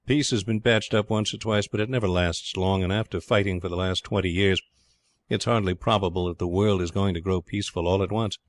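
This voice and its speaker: A man voicing a gentle middle-aged mother, speaking softly and composedly in a low voice with a dry close sound. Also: fairly even intonation, brisk, no room sound, lightly acted. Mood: calm.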